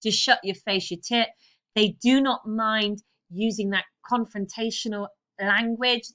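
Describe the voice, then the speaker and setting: A woman English teacher taking a class through text analysis, brisk and encouraging, repeating key phrases. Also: fairly high pitch, pushed and bright. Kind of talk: recorded lesson on text analysis.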